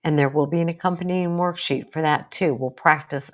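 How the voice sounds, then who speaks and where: A woman's voice: low-pitched, a little fast. A middle-aged woman psychologist teaching an online course, coaching her viewers and acting out example sentences. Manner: warm coaching, acts out example lines. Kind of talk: instructional talk to camera.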